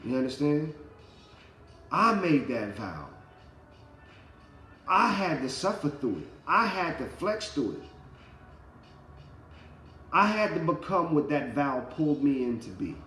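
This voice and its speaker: A man's voice: fairly high pitch, very animated, takes it slowly, long pauses, bright, forceful tone, roomy sound. A man giving a casual motivational talk, telling his story with slang and swearing. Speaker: motivational speaker.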